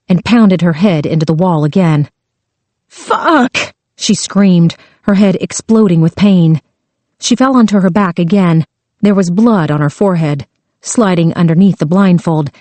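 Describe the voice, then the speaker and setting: Warm low-voiced woman narrating an audiobook. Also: no echo.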